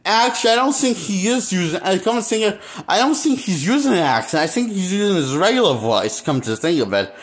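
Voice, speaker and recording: A man giving an unscripted movie review, rambling and halting, with many fillers and restarts. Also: high-pitched, sing-song. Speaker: movie critic.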